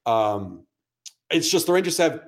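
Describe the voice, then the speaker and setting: A man's voice: a little high, very animated, unhurried. A man co-hosting a podcast, talking sports in a blunt, sarcastic way and swearing casually. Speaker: podcast co-host.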